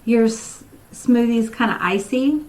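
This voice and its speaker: Woman, co-host, rambling and friendly, a bit high voice. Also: unhurried, a little mellow, low-quality recording. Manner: rambling, friendly, many fillers. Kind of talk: casual livestream chat.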